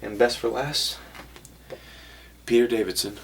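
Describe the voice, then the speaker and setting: A man's voice: mid-range voice, unhurried, creaky, a little hiss or hum. A young man vlogging casually to camera, rambling a little and correcting himself as he shows off his haul. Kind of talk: casual vlog talk to camera.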